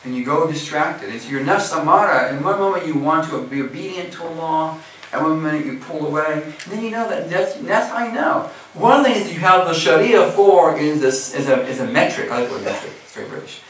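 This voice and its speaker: A man's voice: fairly high pitch, expressive, fairly quick, a bit bright, slight background noise. An American man giving a casual, chatty sermon as a Muslim preacher, full of filler phrases. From USA. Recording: echoey hall recording from far off.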